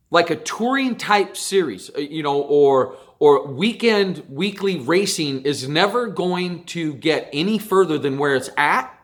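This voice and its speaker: With a fairly high, slightly bright voice, a man rants at length to his audience about dirt track racing. This racing vlogger leans on repetition for emphasis throughout the monologue.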